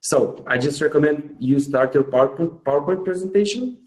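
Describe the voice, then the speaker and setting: A man's voice: fairly high pitch, lively intonation, fairly quick, darkish tone, low-quality recording. A man with a Russian accent hosting a webinar in an enthusiastic, informal way. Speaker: webinar host.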